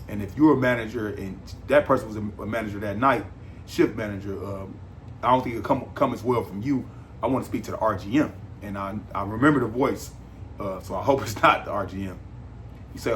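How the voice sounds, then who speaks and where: A man's voice: on the low side, brisk, a little hiss or hum. A man hosting a podcast, delivering a casual monologue in an emphatic, repetitive, rambling way. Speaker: podcast host.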